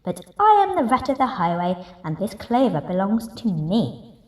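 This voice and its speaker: A woman voicing a greedy, boastful male rat highwayman in a gruff, swaggering voice, reading a picture book aloud. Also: very animated, normal speed, darkish tone, natural voice. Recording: roomy echo, distant mic.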